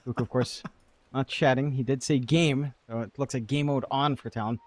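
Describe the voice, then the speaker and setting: A man's voice: mid-range voice, fairly even intonation, moderate pace, no room sound. A man casting a live video game match, breaking down lanes and items in a chatty, analytical way and joking with his co-caster. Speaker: esports caster. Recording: music in the background.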